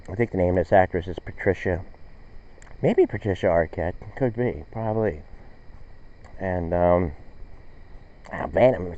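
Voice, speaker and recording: Brief: male host, rambling and self-correcting, deep-ish voice, flat muffled sound. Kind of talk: casual rambling monologue. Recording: dull, dry recording.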